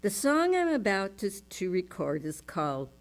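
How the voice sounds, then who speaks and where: A woman reading aloud to a spiritual congregation in a measured, unhurried way. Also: mid-range voice, very animated. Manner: slow, measured reading with light laughter. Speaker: speaker at a spiritual center service.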